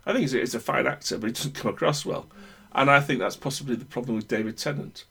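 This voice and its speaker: A man's voice: mid-range voice, quick pace, gravelly, pushed and bright, husky. Chatty man with a northern English accent. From Northern England. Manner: opinionated, rambling with many restarts. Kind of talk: casual chat.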